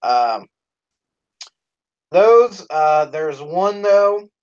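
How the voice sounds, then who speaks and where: A man chatting casually on a live stream, his voice sitting a bit high for a man. He swears freely, laughs often and shouts out the lines he quotes. The sound is dull and lo-fi. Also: animated, extremely slow, clean tone. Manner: profane, laughing, acts out quoted lines loudly.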